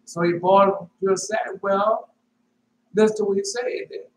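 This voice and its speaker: Male preacher, emphatic, rhetorical questions, higher voice with sudden pitch leaps, echoey room. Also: steady tone, normal speed. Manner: pitch jumps sharply on emphatic words. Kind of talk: informal sermon with scripture reading. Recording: echoey room with faint noise.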